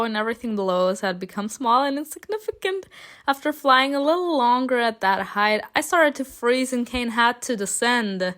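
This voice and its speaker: A woman reading a story game aloud and reacting, excitable and gushing between lines. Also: fairly high pitch. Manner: excitable, gushing, often laughing.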